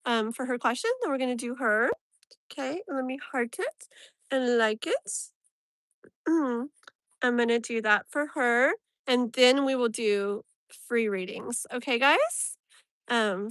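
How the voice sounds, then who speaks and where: A woman's voice: on the high side, a bit bright, no echo, clean studio sound. A woman tarot reader chatting casually on a live stream from her phone, rambling and laughing often.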